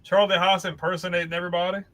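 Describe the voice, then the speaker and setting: Slangy man with a high bright voice. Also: level tone, rapid-fire. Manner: slangy, calls people bro and dog. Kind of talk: casual chat.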